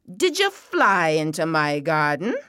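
A woman storyteller voicing a cranky man who shouts at birds in his garden. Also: sits low, huge pitch swings, takes it slowly, smooth, no echo, clean studio sound, full character voice. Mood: questioning. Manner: shouts repeated no's.

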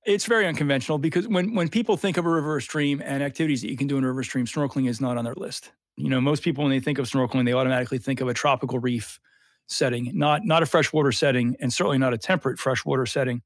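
A man's voice: mid-range voice, racing, no room sound. A man in a mid register talks eagerly about fish and streams, leaning on little fillers as he explains. The sound is dry and close, with no room around it. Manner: animated, explains with lots of fillers. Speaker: freshwater snorkeling guide. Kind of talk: enthusiastic explanatory interview talk.

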